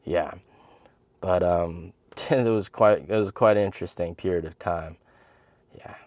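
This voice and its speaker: A man in his thirties casually telling a funny story to camera as host of his channel, animated and jumping into high voices when he quotes people. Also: unhurried, no room sound, clean studio sound. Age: 30s.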